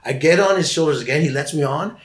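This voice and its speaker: A middle-aged man telling a long story as a podcast guest, animated and profane, often stumbling and restarting his words. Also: on the high side, fast. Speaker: guest musician. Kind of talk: casual storytelling.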